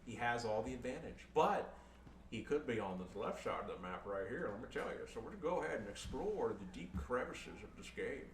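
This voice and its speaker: A man's voice: mid-range voice, expressive, brisk, far from the mic. A man casually commentating his own strategy game matches, cracking crude jokes and swearing as he goes. He sits a little back from the mic in a room with a noticeable echo. A faint hum of noise runs behind him. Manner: crude joking, frequent swearing, loose and rambling.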